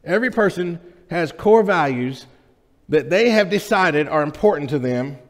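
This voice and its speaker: A man's voice: fairly high pitch, expressive, moderate pace. A man preaching a sermon to his congregation in a conversational, joking way, often checking in with the room. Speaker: pastor. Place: church sanctuary. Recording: reverberant church hall.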